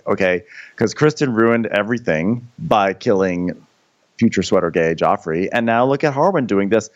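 Recap co-host, male, lowish and expressive, muffled recording, casual jokey delivery. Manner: casual, slips into mock character voices. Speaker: podcast co-host. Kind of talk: comedic TV recap chat.

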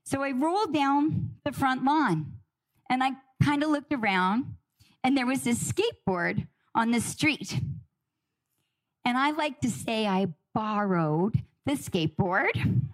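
A middle-aged woman telling a personal story with dramatic pauses and emotion. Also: high-pitched. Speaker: guest speaker.

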